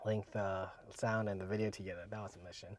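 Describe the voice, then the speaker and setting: A man co-hosting a casual podcast, rambling with many fillers and letting his sentences trail off quietly. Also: fairly low pitch, flat delivery, fast talker, dry recording. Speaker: podcast co-host.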